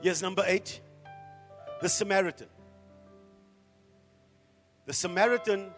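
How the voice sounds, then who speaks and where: A middle-aged man preaching a sermon as a pastor, firing off rhetorical questions and swinging from hushed to loud. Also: very high-pitched, lively intonation, normal speed, pauses often, soft background music.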